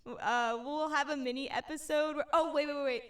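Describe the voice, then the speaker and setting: A young woman co-hosting a casual podcast, her voice high and bright in pitch. She tells stories in an animated, giggly way. She sits a little back from the mic, so she sounds slightly distant. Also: fairly quick. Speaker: podcast co-host. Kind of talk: casual chat.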